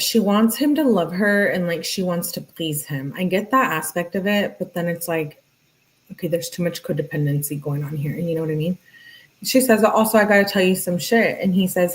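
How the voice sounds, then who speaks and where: A woman reading text messages aloud, alternating between the two people in the chat and breaking off with casual asides and quick reactions. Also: fairly low pitch, poor audio. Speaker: true crime commentator.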